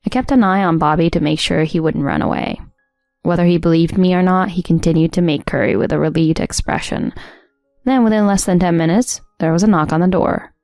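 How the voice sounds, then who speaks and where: A woman narrating a first-person story in an even, composed way. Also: on the low side, brisk, no echo, studio quality. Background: soft music.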